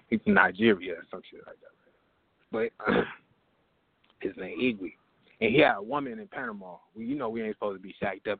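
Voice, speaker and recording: Calling in to an open mic line, a man with a fairly low, gravelly, husky voice tells a profane comic story over the phone. He's animated, acting out the different voices in the tale, and the sound is phone quality.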